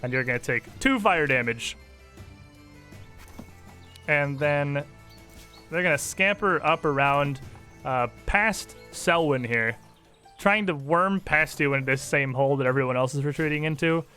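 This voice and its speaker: A man's voice: on the high side, measured pace, long pauses, sharp tone, faint music behind. A man narrating a tabletop fantasy game as game master, laughing often as he describes the action.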